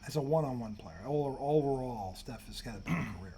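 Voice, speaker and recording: A man's voice: mid-range voice, lively intonation, quick pace, warm tone, a little hiss or hum. A man co-hosting a casual sports talk show, ranting heatedly and swearing freely.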